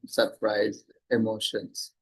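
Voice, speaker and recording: A man's voice: fairly low pitch, completely flat delivery, slow pace, breathy edge, no room sound, low-quality recording. A man moderating an online conference session, speaking with many fillers. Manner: filler-heavy, frequent "uh" and "you know".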